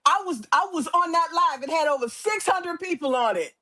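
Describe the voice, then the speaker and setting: A woman's voice: very high voice, lively intonation, fairly quick, pushed and bright. A woman in a casual chat, chiming in with short, enthusiastic interjections.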